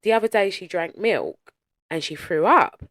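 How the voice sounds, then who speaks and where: Woman co-host, casual chat, animated pitch, dry close sound, swears and laughs a lot. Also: moderate pace, no room sound. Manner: lively storyteller, swears freely, laughs often. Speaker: podcast co-host.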